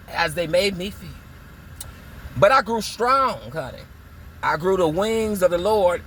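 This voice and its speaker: A man's voice: high-pitched, bright, forceful tone, slight background noise. A man from Michigan ranting in a sassy, dramatic casual vlog, drawing out words for emphasis. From Muskegon, Michigan. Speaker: vlogger. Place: car, in a parked or moving vehicle.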